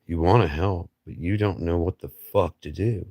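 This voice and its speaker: A man's voice: sits low, normal speed, darkish tone, dry recording. A man hosting a livestream, rambling through a blunt, profane philosophical monologue full of rhetorical questions and mocking asides. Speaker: livestream host.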